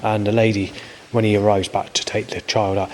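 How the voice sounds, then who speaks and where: A man in his forties talks through a loose video diary, full of ums and restarts and frequent swearing. His voice sits low. Faint background noise runs under the recording. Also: little pitch movement, a little fast. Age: 40s. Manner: rambling, hesitant, swears often, many fillers. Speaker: vlogger. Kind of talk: rambling spoken video diary.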